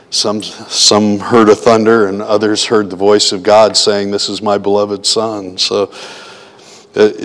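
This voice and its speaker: A man's voice: fairly low pitch, a bit bright. A pastor giving an informal, conversational teaching to a small group, often asking his listeners rhetorical questions. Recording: long hall reverb.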